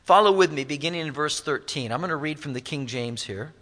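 Bright-voiced preaching man. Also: on the high side, lively intonation. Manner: emphatic preaching with slow stressed phrases. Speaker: pastor. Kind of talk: sermon.

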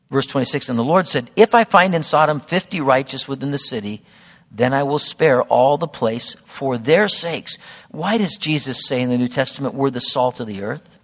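Gravelly-voiced pastor preaching in a hall. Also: male voice, mid-range voice, animated, normal speed. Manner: emphatic, conversational preaching, addresses congregation as guys. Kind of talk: sermon. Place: church sanctuary.

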